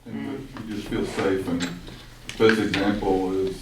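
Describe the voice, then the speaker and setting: A middle-aged father reflectively sharing a story in a workshop group discussion, speaking haltingly. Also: on the low side, slight background noise. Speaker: workshop participant, parent. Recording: distant, very echoey room mic.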